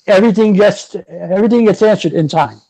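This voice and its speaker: High-voiced excitable man, dry sound. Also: a little fast, creaky, no room sound, low-quality recording. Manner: excitable, leans on "you know" fillers. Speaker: podcast host. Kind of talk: casual podcast chat.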